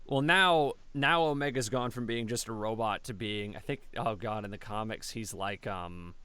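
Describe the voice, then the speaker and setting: A man hosting a casual interview, chatty and quick to laugh. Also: lowish voice, sharp tone, smooth. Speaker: interview host.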